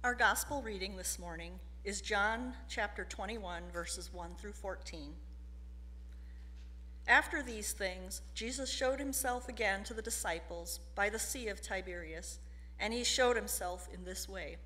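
A woman serving as lay reader, reading the gospel aloud in a steady, formal way during a church service. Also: mid-range voice, measured pace. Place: church sanctuary. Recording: long reverb of a church sanctuary.

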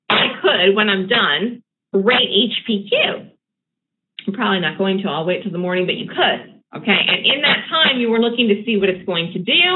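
Woman teaching day trading live, quick emphatic chatty delivery, sounds like a tinny phone line with a little noise. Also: fairly high pitch. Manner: brisk, emphatic, conversational teaching with fillers like okay.

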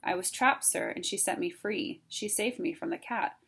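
A woman's voice: medium pitch, moderate pace, vocal fry, a bit bright, breathy edge, heavily acted. A woman voicing a polite, helpful male crow in a storybook read-aloud, earnest in manner.

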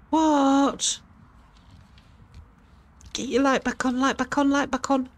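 A woman's voice: high voice, fairly even intonation, slow, long pauses. A woman reacting to a ghost hunt video, jittery, exclaiming and swearing, rambling when nervous.

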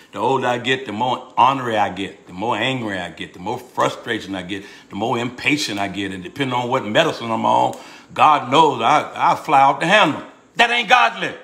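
An older man, a pastor teaching a Bible study in a folksy style, repeating words and laughing as he goes between emphatic preaching and quiet asides. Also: medium pitch. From Southern United States. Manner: rises into emphatic preaching, then drops to asides.

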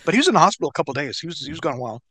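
Bright-voiced American man telling stories. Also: a little high, very fast, breathy edge, no echo. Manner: animated, profane storytelling. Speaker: interview guest, former wrestler. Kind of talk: storytelling in a shoot interview.

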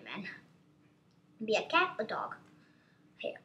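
A woman giving excitable, chatty gameplay commentary as a gaming channel host, constantly exclaiming at what happens on screen. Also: mid-range voice, moderate pace, pauses often.

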